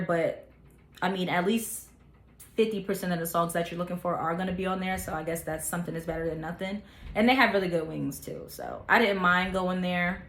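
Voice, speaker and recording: A woman's voice: lowish voice, a bit bright. A young woman vlogger telling a casual storytime, chatty with lots of filler words. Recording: echoey room.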